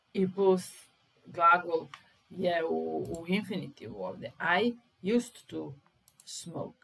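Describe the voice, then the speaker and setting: Woman, Serbian accent, English lesson, patient, slow stressed examples, lowish pitch. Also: a bit bright, husky, poor audio. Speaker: English teacher. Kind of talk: explaining English grammar in Serbian.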